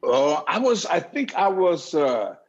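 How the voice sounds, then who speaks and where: Middle-aged man, high husky voice, rambling restarts, dull lo-fi sound. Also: slow. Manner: rambling, animated storyteller with frequent restarts. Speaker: talk show guest. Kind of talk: casual storytelling.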